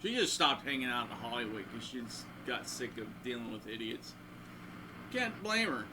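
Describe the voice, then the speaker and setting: A man's voice: medium pitch, a little fast, noisy background. A man telling a crude, rambling anecdote, acting out the voices of people in his stories. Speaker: guitarist and channel host. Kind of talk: rambling anecdote between guitar playing.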